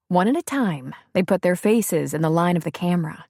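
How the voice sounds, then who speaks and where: A woman narrating an audiobook in a measured, steady storytelling manner. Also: fairly low pitch, vocal fry, no room sound, clean studio sound. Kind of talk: scripted narration.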